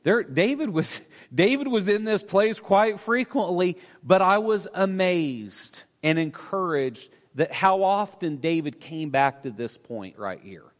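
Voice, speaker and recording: A man's voice: high voice, expressive, measured pace, few pauses. Earnest preaching man in a reverberant church. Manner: earnest, with swells of loudness and hushed drops. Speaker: pastor. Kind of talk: sermon. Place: church sanctuary.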